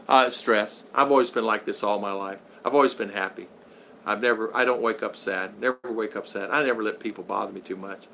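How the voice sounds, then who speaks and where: A man's voice: fairly low pitch, fairly quick, bright, forceful tone, a little hiss or hum. An older man from Utah, casually chatting on a livestream from his home and answering viewer comments in an upbeat, rambling way. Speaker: livestream host. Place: home in the Philippines.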